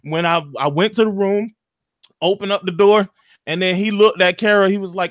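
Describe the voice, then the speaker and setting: A man's voice: high-pitched, steady tone, normal speed, dry recording, clean studio sound. A man, animatedly retelling a video game story in casual chat, full of slang and profanity. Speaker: gaming podcast co-host.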